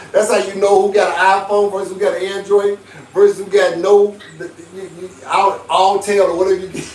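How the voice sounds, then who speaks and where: A man's voice: high voice, darkish tone. A man, hosting a livestream, giving casual advice and telling stories with chuckles and a preachy lilt. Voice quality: preachy, storytelling, chuckles often. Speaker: livestream host. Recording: roomy, distant from the mic, faint background hiss.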